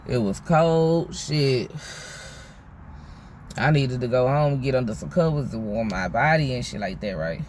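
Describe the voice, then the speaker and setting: A man's voice: mid-range voice, expressive, a little slow, darkish tone, a little hiss or hum. A man vlogging a casual storytime monologue, rambling and candid, full of slang, swearing and "you know what I'm saying". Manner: profane, candid.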